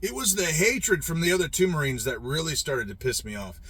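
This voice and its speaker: A man's voice: a little high, brisk, a bit bright, husky, no room sound. A man ranting in a profane, rambling monologue about his service days.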